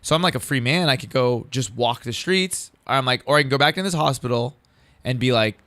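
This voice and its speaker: A man in his thirties, a comedian, telling a story in casual talk, profane and animated, acting out what others said. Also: mid-range voice, a little fast, no echo. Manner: animated, profane, acts out quoted dialogue. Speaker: comedian guest.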